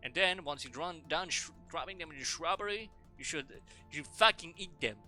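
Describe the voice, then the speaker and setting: A man voicing a boisterous male survival host with a put-on Australian accent, loud and drawn out. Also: fairly high pitch, moderate pace, soft background music, voice pushed up. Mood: hammy.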